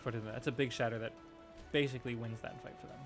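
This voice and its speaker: A man's voice: mid-range voice, fairly even intonation, brisk, over music. A man coaching as he reviews team match footage, thinking aloud in a casual, analytical way with frequent restarts. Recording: noticeable background noise.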